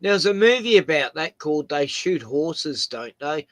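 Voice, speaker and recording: A man's voice: on the high side, lively intonation, a little slow, fairly bright tone, no echo. A man with an Australian accent hosting a casual chat, rambling through anecdotes with chuckles. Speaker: host.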